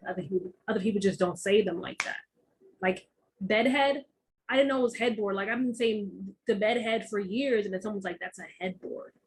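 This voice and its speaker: A young adult woman from Texas co-hosting a podcast in casual chat, telling stories in an animated way and acting out quoted voices. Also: mid-range voice, quick pace, hardly any pauses, a little hiss or hum, rough recording. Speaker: podcast co-host.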